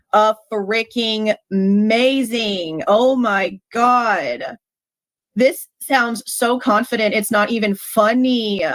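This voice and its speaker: A woman guest on a live stream, gushing and swearing in excited chat. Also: mid-range voice, dry recording.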